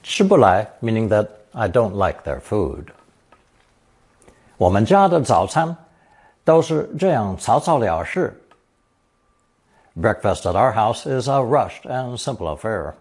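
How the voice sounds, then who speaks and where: A man narrating a scripted language lesson, reading example sentences slowly and then translating each one. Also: on the low side, big pitch swings, a little mellow, husky. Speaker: language teacher.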